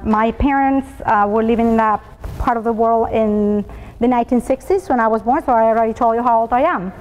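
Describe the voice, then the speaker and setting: A woman's voice: fairly high pitch, big-room sound, low-quality recording. A woman in her fifties from Colombia and Venezuela, with a Venezuelan Spanish accent, giving a prepared talk with frequent ums while telling stories. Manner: frequent ums and uhs, storytelling. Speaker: speaker at a school talk event.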